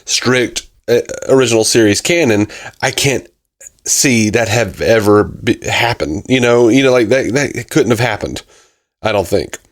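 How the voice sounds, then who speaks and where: A man's voice: medium pitch, unhurried. A man in a loose podcast conversation who circles his point with fillers and false starts. He pokes fun at himself along the way. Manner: rambling, filler-heavy, self-deprecating joking. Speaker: podcast co-host. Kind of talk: casual chat.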